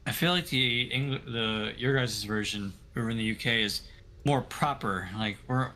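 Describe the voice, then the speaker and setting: A man's voice: mid-range voice, moderate pace, sharp tone, a little hiss or hum. An American man bantering on a casual livestream with a teasing, laughing manner. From United States.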